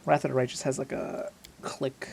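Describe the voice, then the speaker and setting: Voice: mid-range voice, flat delivery, gravelly, a little mellow, a little hiss or hum. Chatty let's play host. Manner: chatty and amused, with quick asides. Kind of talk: casual gameplay commentary.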